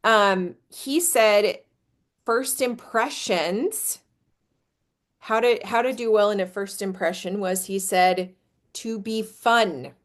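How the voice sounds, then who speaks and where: A middle-aged woman hosting a casual live business coaching stream. She talks in a chatty way with many fillers. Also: slow pace. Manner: chatty, filler-heavy, jumps up high when demonstrating energy.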